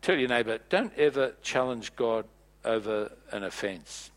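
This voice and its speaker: A man preaching a sermon in a church, playful and animated, acting out bits of dialogue as he goes. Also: mid-range voice, a little slow.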